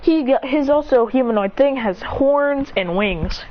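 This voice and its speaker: A woman's voice: sits high, expressive, unhurried, muffled recording, a little hiss or hum. A woman narrating an improvised action story in long run-on sentences with frequent restarts. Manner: breathless run-on telling with many restarts.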